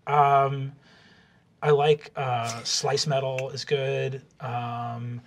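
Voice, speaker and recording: A man's voice: mid-range voice, flat delivery, drawn-out words, voice pushed down. A man doing an awkward, rambling teen girl. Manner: hesitant, rambling, full of "um" and "like". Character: awkward teenage girl, secretly sinister. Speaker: game master.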